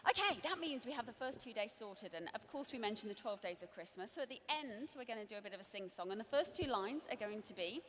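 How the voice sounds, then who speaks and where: Female stage co-host, upbeat; lively, slightly high voice. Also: fast, few pauses, a little hiss or hum. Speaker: co-presenter. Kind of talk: live stage presenting. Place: large arena stage. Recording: long arena reverb.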